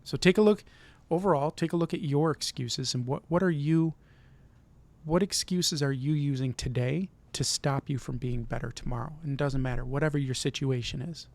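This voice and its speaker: A man's voice: mid-range voice, gravelly, darkish tone. A middle-aged man from Michigan hosting his own vlog, giving an earnest, encouraging motivational talk and often repeating himself. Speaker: vlog host.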